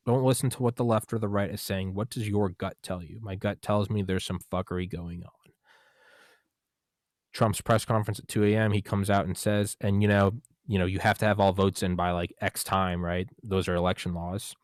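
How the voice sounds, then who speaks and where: A man with a lowish voice holds forth on his podcast. He swears freely and keeps firing off rhetorical questions and quick asides. His voice sits close and dry on the mic, with no room sound at all. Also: steady tone, dry recording. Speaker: podcast host. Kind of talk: casual monologue on a podcast.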